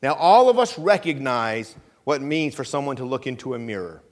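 Lively preacher, man. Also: medium pitch. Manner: conversational preaching with frequent call-and-response checks; slows down to stress scripture phrases. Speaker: pastor. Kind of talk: sermon. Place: church sanctuary.

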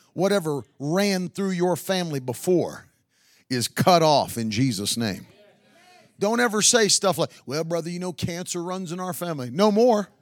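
A man preaching a sermon. He swings from chatty, joking stretches up to shouted, sing-song peaks full of woos and hallelujahs. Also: high voice, no room sound, clean studio sound.

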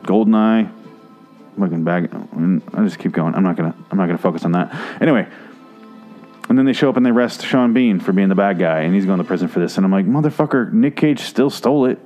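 A man with a low, mellow voice rants casually about movies, rambling and swearing freely. When he gets worked up, his voice leaps high with exasperation. Faint music plays behind him. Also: quick pace, highs cut off. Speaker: movie reviewer. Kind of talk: casual profane movie rant.

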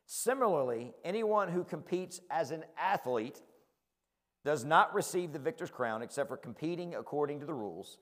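A man's voice: fairly high pitch, animated, moderate pace, a bit bright, in a large hall. A man with a rural American country accent, preaching a conversational sermon, fired-up and self-deprecating, often asking his listeners "right?". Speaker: pastor.

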